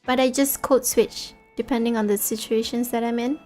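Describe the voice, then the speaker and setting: High-pitched young singaporean girl streaming, giggly chatty, lots of um and like, faint music behind. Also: fairly even intonation, normal speed, a little mellow. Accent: light Singaporean English. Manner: chatty and giggly, many fillers and restarts. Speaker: VTuber streamer. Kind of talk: casual stream chat.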